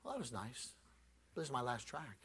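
A male preacher telling a story in a sermon, animated and acting out the scenes. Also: mid-range voice, moderate pace, breathy edge.

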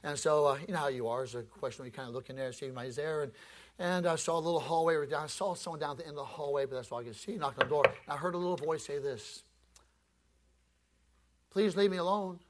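A male preacher telling a story in a sermon, animated and acting out the scenes. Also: a little high, rapid-fire, a little hiss or hum.

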